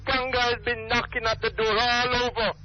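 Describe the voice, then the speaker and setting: An older man with a Jamaican accent calls in to a radio talk show and speaks in an impassioned, emphatic, rambling, and repetitive way. His voice is extremely high with little pitch movement at a moderate pace, heard over a muffled phone-in line with a crowd in the background.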